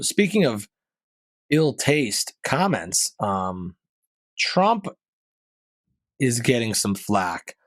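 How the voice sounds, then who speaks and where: A man's voice: medium pitch, no echo. A man hosting his own podcast, talking through the week's news in a loose, rambling way with plenty of fillers and asides. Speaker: podcast host. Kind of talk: casual solo commentary.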